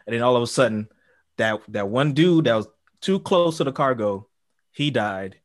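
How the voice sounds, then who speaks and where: A man at a middle pitch whose voice rises and falls a lot as he talks. He retells scenes in an easygoing way and keeps raising questions. It sounds like a relaxed chat among friends. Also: normal speed. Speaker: movie review co-host. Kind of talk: casual chat.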